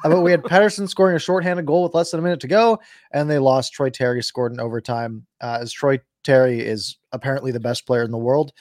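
A man's voice: mid-range voice, fast talker, few pauses, darkish tone, dry recording. Dry-voiced man recapping hockey games. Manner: rambling recap, dry sarcasm. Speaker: podcast co-host. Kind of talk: casual sports chat.

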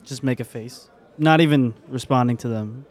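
A man's voice: medium pitch, moderate pace. A man playing a tabletop game, describing his moves plainly. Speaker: player. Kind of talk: casual tabletop game play.

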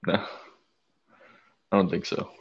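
A man co-hosting a podcast, telling a long story in a casual, animated and profane way. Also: takes it slowly, lo-fi sound. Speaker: podcast co-host.

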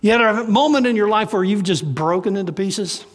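A man with a high voice preaches a sermon to a congregation. He speaks as a pastor and poses rhetorical questions to the room. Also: fairly quick, long reverb tail. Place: church service with live congregation.

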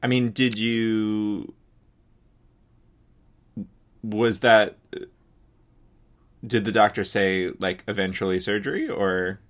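A man's voice: fairly low pitch, slow pace, long pauses. A man co-hosting a podcast, listening attentively and chiming in with short replies. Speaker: podcast co-host. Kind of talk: casual chat.

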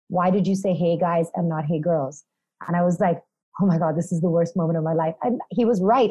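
An upbeat woman chats freely as an interview guest, rolling from one story into the next. Her tone is mellow and soft-edged. The sound is dry and close, with no room around her. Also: mid-range voice, dry recording, poor audio. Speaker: interview guest, entertainment presenter. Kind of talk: casual interview talk.

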